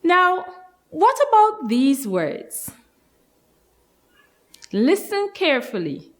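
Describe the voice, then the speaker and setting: A woman teaching a nursery phonics lesson to young children, prompting them in a slow, sing-song teacher's voice. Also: high voice, sing-song. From Guyana.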